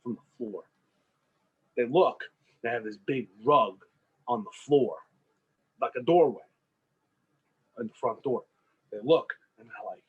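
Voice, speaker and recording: Husky guy on a podcast, spinning a story, acting out all the lines. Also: medium pitch, slow, long pauses, dull audio. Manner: animated, acts out characters' lines. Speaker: podcast co-host. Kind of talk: casual storytelling chat.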